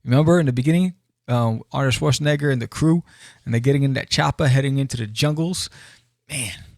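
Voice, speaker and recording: A man hosting a podcast, casually reviewing a comic book with excitable, exclamatory commentary and playful asides. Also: mid-range voice, fairly quick, vocal fry, dry recording, clean studio sound.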